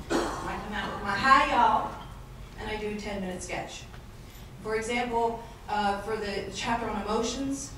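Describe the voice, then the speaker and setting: A woman's voice: mid-range voice, background noise. A woman giving an earnest, encouraging talk on stage at a conference, poking fun at herself. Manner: earnest, encouraging, self-mocking. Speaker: panel speaker, trainer. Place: conference hall. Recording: echoey hall, mic from far off.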